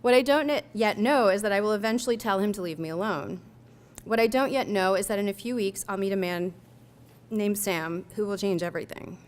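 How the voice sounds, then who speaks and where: Smooth-voiced woman reading her memoir. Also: medium pitch. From United States. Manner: measured, reflective storytelling. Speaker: author reading her own essay. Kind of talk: reading a personal memoir aloud.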